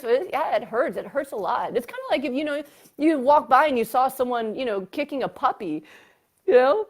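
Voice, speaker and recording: A woman psychiatrist, a guest in a casual interview, telling stories in an animated way with lots of fillers and bursts of laughter. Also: sits high, a little fast.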